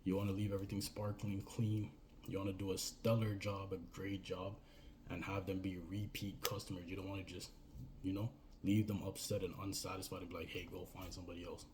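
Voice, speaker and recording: A man's voice: deep voice, flat delivery, brisk, background noise. A man giving casual business advice in a rambling way, often tagging his points with "right?" and "you know." He. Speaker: business coach.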